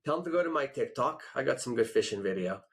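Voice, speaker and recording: A man hosting a podcast in casual chat, telling stories with lively acted-out quotes. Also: mid-range voice, quick pace, slightly rough. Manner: animated storyteller, acts out quotes. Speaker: podcast host.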